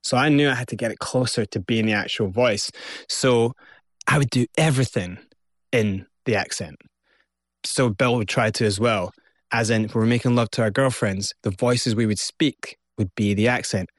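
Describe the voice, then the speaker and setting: Animated Scottish man telling his story. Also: mid-range voice, normal speed, dry recording, clean studio sound. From Scotland. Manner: animated, acts out quotes. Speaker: guest. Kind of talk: storytelling interview.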